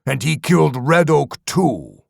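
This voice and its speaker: A man voicing a boastful ogre warrior in an audiobook, speaking loud, halting, broken sentences. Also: a little high, animated, gravelly, no room sound, clean studio sound, voice pushed up, full character voice. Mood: boasting.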